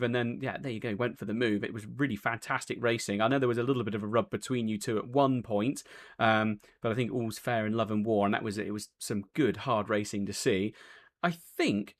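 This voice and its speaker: Chatty man hosting a race interview. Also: mid-range voice. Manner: chatty and rambling, many fillers and self-corrections. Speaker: race broadcast host.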